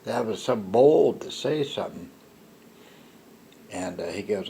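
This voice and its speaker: Older man, low gravelly voice, very slow halting monologue, faint hiss behind. rambling personal storyteller. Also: lively intonation. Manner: halting, with restarts and soft laughs. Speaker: storyteller recounting a personal encounter.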